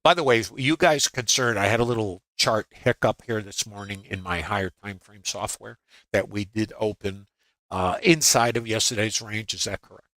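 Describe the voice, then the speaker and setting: An older man talks through a live trading webinar in a loose, conversational way, pausing on fillers and slipping in dry jokes. His voice sits a little low but carries a bright, forceful edge. The sound is close and dry, with no room around it. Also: no room sound, rough recording. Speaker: trading educator.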